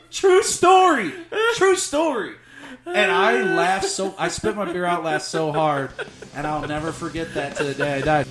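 A man's voice: on the high side, fairly even intonation, normal speed, very noisy. A man telling a crude story on a casual podcast, swearing often and laughing as he goes. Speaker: podcast host.

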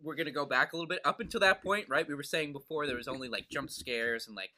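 A young man from New York co-hosting a podcast, laid-back and quick to laugh in casual chat. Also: fairly high pitch, bright, forceful tone. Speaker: podcast co-host.

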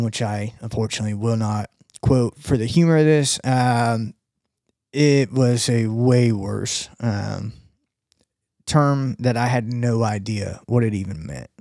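A man's voice: mid-range voice, vocal fry, dark tone, dry recording, clean studio sound. A man co-hosting a podcast, telling a rambling story in casual chat, full of fillers and bursts of laughter. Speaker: podcast co-host.

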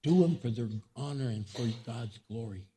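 A man preaching at a remembrance service, speaking straight to grieving people, repeating phrases and swelling to impassioned highs. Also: lively intonation, normal speed, mellow, a little hiss or hum. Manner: impassioned preaching, swelling up high in pitch and volume; addresses the grieving congregation directly, repeats phrases. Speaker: pastor.

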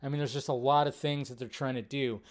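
A man hosting a film podcast in casual live-stream chat, excitable and profane, full of fillers and restarts. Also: medium pitch, fast.

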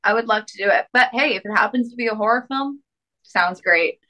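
A woman's voice: fairly high pitch, fairly quick, pushed and bright, rough recording. A young woman with a lisp, chatting upbeat as a podcast guest with many fillers. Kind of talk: casual interview chat.

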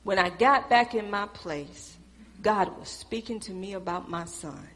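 A middle-aged woman telling a preached testimony, speaking in an animated storytelling way and calling out to her audience. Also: medium pitch, a little slow.

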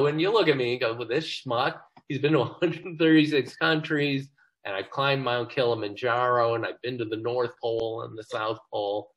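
A man's voice: medium pitch, a bit bright, rough recording. Man, older, interview guest, self-deprecating humor, casual storytelling. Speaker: interview guest, comedy writer.

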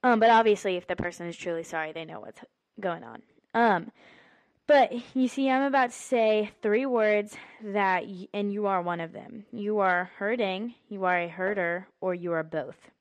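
A woman's voice: mid-range voice, normal speed. A woman hosting a podcast, giving an earnest, casual faith talk full of "like" fillers. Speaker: podcast host.

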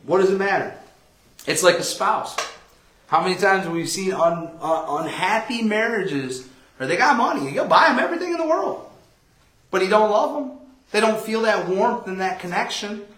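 Animated, higher-voiced pastor in an echoey room. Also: male voice, moderate pace. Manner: conversational, animated storytelling with quoted voices. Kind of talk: Bible study sermon.

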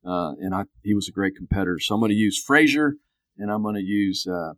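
A man's voice: on the low side, brisk, no echo, studio quality. A man in his fifties, a podcast guest, casually telling a long story and acting out other people's lines. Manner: animated storyteller who acts out quotes.

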